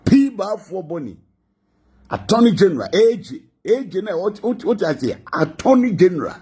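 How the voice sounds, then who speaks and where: Ghanaian man, husky and high, lively singsong delivery, mocking gossip commentary full of laughs. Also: normal speed. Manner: laughing, mocking, mixing languages.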